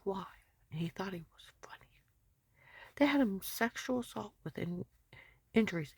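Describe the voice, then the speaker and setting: A woman with a medium-pitched voice tells a rambling personal story, agitated and repetitive, often sinking into a breathy whisper. There is no echo on the recording.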